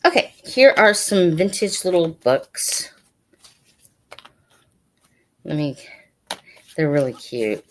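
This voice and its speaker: Low-voiced woman hosting a chatty sale. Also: sing-song, unhurried. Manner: chatty, rambling, with many fillers. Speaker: online sale host. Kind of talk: casual live sale patter.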